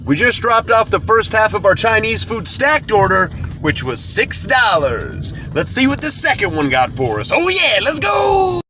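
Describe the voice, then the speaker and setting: A delivery driver vlogs from inside his car, narrating his shifts in a hyped, jokey storytelling style. His fairly high voice swings widely, at normal speed with hardly any pauses. Steady road noise comes through clearly behind him.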